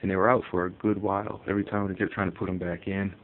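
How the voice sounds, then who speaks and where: Speaking fast in a low register with little pitch movement, a man from Connecticut casually rambles about his pet, fillers everywhere. His phone captures it with tinny audio, faint ambience, and a little hiss or hum.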